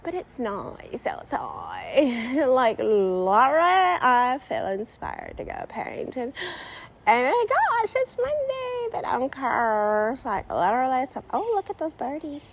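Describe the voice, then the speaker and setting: Slow, playful woman rambling outdoors. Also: high voice, big pitch swings. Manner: peppers speech with "like" and "literally"; playful, chirps bird sounds. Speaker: vlogger. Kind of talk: casual vlog chat. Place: outdoors in a backyard.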